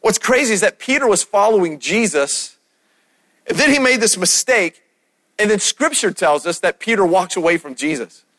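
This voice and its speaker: High-voiced man preaching a sermon. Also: animated, moderate pace, fairly bright tone. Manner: preaching with rising emphasis and repeated questions to the crowd. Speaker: pastor. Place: church stage.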